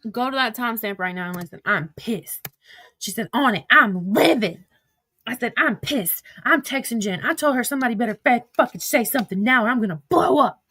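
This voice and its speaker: A woman's voice: on the high side, animated, pushed and bright, dry recording. Fired-up woman ranting live. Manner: heated, profane, rapid rants. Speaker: livestreamer. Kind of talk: livestream, reading texts aloud.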